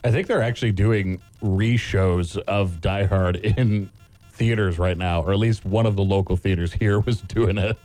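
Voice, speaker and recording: A man's voice: low voice, steady tone, moderate pace, darkish tone, faint music behind. A man co-hosting a morning radio show, talking in an easygoing, good-humored way. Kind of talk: casual chat.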